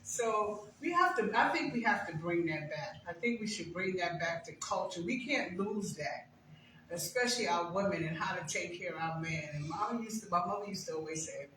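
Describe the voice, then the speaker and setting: A woman's voice: medium pitch, expressive, moderate pace, sharp tone, slight background noise. An older woman giving a conversational personal testimony as a guest speaker, telling stories with emphasis. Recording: very echoey room, far from mic.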